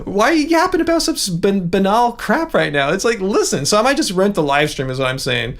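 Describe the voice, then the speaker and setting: A middle-aged man with a notably high-pitched voice hosts a livestream, chatting loosely and ranting with animated asides as he reads out viewer comments. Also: fairly quick. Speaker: livestream host. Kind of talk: casual livestream chat reading viewer comments.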